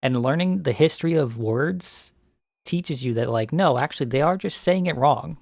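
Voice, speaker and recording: A man's voice: a little high, lively intonation, normal speed, vocal fry, a little mellow, no room sound, clean studio sound. An American man streaming a fishing game, chatting casually and rambling through opinionated tangents. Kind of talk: casual gameplay chat.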